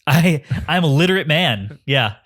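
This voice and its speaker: A man's voice: on the high side, expressive, normal speed, fairly bright tone. Easygoing man hosting a podcast. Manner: easygoing, self-mocking, steers the talk. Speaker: podcast host. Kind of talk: casual chat.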